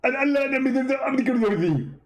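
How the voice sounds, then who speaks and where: A man putting on a boastful male preacher caricature, gloating and mocking in a fast, raised voice. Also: very high voice, animated, highs cut off, pitched above the performer's own voice.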